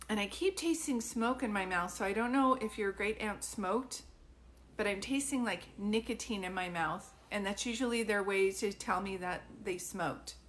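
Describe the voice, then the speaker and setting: A woman doing live psychic readings for viewers, chatty and informal, filling pauses with ums and calling people sweetie. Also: mid-range voice, fairly bright tone, slight background noise. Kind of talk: livestream chat with viewers.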